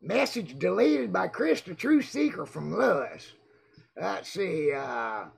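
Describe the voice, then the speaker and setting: Guy ranting on a livestream, super gravelly husky voice, slow drawl, yelling and mocking the chat. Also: high voice. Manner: loud, mocking, excitable, often shouting. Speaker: livestream host. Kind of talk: casual livestream rant reading chat.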